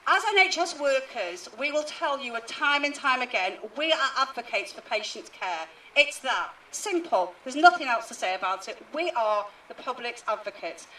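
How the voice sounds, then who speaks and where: A woman's voice: on the high side, bright, forceful tone, distant mic, a little hiss or hum, poor audio. A woman NHS worker giving an indignant protest speech at an outdoor rally. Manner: indignant, rising to emphatic questions.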